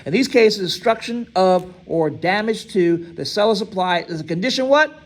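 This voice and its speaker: A man's voice: high voice, lively intonation, moderate pace, poor audio. A man teaching a lecture class, reading aloud and asking students to fill in missing words, often checking with "right?". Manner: quizzing, reads text aloud and asks students to fill in words. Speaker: instructor.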